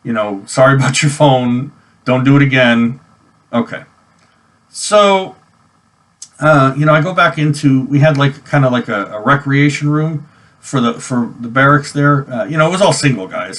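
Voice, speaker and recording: Medium in pitch and a bit bright, the voice belongs to a man in his forties from New York. As an army veteran vlogger, he tells a personal army story in a rambling, casual style packed with fillers and restarts.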